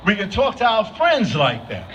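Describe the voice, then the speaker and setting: Man, high lively voice, outdoor vigil speech, crowd questions, dull lo-fi recording. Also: moderate pace, far from the mic. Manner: asks the crowd repeated questions. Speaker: speaker at a vigil. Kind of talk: impromptu public speech. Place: outdoor gathering. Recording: dull lo-fi with faint noise.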